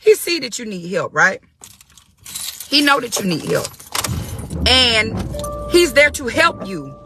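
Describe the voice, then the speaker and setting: A woman's voice: on the high side, sing-song, slow pace, music in the background. A woman giving an informal, faith-based encouragement talk, emphatic and conversational and repeating her key points. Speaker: faith-based motivational speaker.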